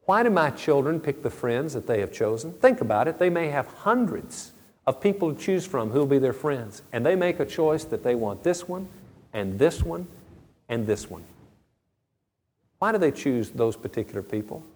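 A middle-aged pastor preaches a sermon in a mid-range voice at a moderate pace, very animated yet earnest and conversational, with storytelling asides. The recording carries the long reverb of a large hall.

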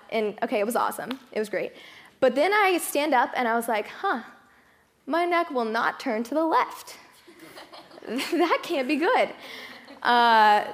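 A young woman giving a chatty, self-mocking testimony talk to a youth group in a fellowship hall, laughing as she tells her story. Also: a little high. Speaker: youth speaker.

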